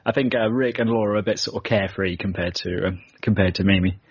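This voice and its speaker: A British man chats easily as a podcast host, his voice husky and slightly breathy. The sound is dry and a little dull, like a modest lo-fi setup. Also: sits low, steady tone, quick pace, dry recording. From Britain. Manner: chatty, laughing easily, self-deprecating. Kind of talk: casual chat.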